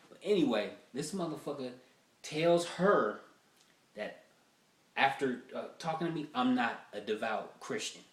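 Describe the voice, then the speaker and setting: A man running through rough-draft stand-up jokes, telling long profane stories with lots of fillers and restarts. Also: mid-range voice, animated, unhurried, reverberant, recorded from a distance. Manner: profane, rambling storytelling with many fillers. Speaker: stand-up comedian.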